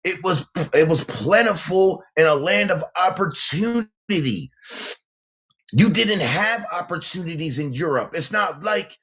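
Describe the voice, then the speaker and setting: A man's voice: on the high side, lively intonation, measured pace, a bit bright. A man hosting a casual livestream, talking brashly in slang and laughing often. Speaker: livestream host.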